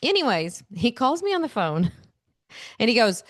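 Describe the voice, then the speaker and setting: Woman, 40s, solo podcast host; lively storyteller with easy laughs, close dry mic. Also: a little high, unhurried, no room sound. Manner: animated storyteller, laughs often. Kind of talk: casual solo podcast talk.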